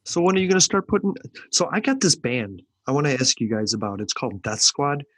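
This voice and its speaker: A man's voice: mid-range voice, sing-song, brisk, a bit bright, no echo. A man co-hosting a casual podcast, joking loosely and swearing. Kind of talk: casual chat.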